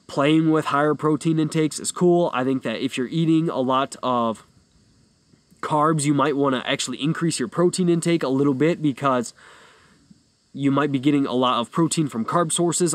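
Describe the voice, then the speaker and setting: A man's voice: medium pitch, dry recording. A young adult man hosting a fitness podcast, explaining things in a loose, rambling, easygoing way. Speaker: podcast host and fitness coach. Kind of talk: casual solo podcast talk.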